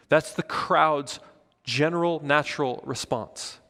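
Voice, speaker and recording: Animated preacher in a reverberant hall. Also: male voice, medium pitch, normal speed. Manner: animated, acts out voices of the crowd. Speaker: pastor. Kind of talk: sermon. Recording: church hall with long reverb.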